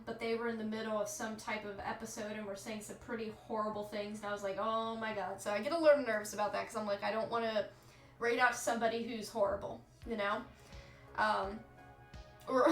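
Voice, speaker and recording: A woman streamer in her thirties chatting casually with her live chat, candid and quick to swear. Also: fairly high pitch, fairly even intonation. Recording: echoey room with faint music.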